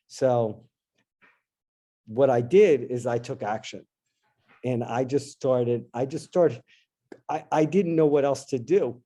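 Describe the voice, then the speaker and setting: A middle-aged man, a guest in an interview, telling a personal story in an animated, casual way and acting out his own past lines. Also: mid-range voice. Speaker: interview guest, dentist and investor.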